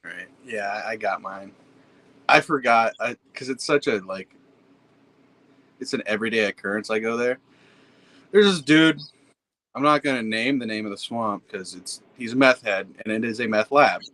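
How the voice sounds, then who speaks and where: A man's voice: lowish voice, moderate pace, pauses often, fairly bright tone, rough recording. A man from Pennsylvania, a podcast guest, telling stories in a laid-back, blunt and profane way. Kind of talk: casual storytelling chat.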